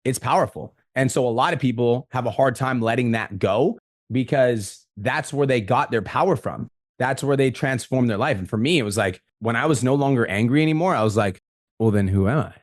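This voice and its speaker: Fast-talking blunt male podcast host. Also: mid-range voice, dry recording, clean studio sound. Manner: fast, blunt, swears a lot. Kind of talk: casual podcast chat.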